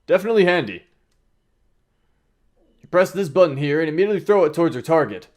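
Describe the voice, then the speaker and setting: A man's voice: a little high, expressive, quick pace, a little mellow, pitched above the performer's own voice, natural voice. A man reading as a blunt soldier instructor. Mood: instructing. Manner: brusque, matter-of-fact briefing. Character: brisk male soldier instructor, blunt and crude.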